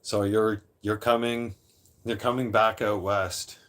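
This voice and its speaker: A man's voice: lowish voice, level tone, slow pace, fairly bright tone, a little hiss or hum. A man in his late thirties telling a long story to a live chat in a casual, profane, rambling way, often repeating and restarting phrases. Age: 30s; late 30s. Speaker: livestream host.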